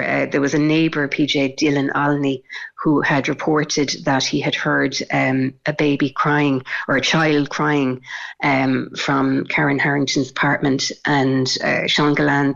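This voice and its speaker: A woman's voice: rumbling low, gravelly, dull audio. A woman court reporter giving a live radio report, recounting steadily with frequent ums.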